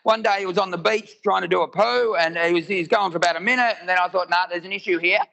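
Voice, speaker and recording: A man's voice: high-pitched, fast, gravelly, pushed and bright, highs cut off. A man, telling stories in a live stand-up routine and acting out both sides of the dialogue. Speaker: stand-up comedian. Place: live comedy venue with audience.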